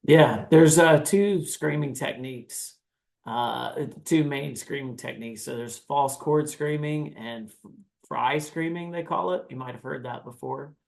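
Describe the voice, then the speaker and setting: A man's voice: on the high side, measured pace, gravelly, darkish tone. Man explaining scream technique casually. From United States. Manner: demonstrates screams and growls mid-explanation, casual and swearing. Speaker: guest vocalist. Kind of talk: podcast interview, explaining vocal technique.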